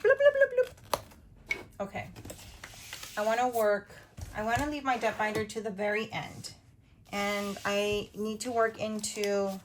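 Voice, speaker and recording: A woman in her thirties hosting a budgeting video, chatting casually while she counts cash out loud. Her voice is going a little hoarse. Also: mid-range voice, a little hiss or hum. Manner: chatty, counts money out loud, quick asides.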